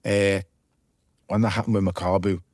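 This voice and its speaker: Guest: low-voiced man with a Liverpool accent, vivid swearing storyteller, dry close sound. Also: flat delivery, moderate pace, a little mellow, no echo. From Liverpool, England. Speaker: guest, former boxer. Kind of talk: casual podcast interview.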